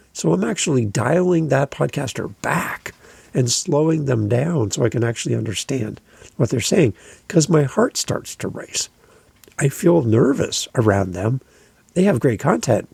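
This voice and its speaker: Gravelly, husky man coaching podcasters. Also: mid-range voice, a little mellow, no echo. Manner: conversational, emphatic, gesturing with hands while speaking. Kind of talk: casual instructional monologue.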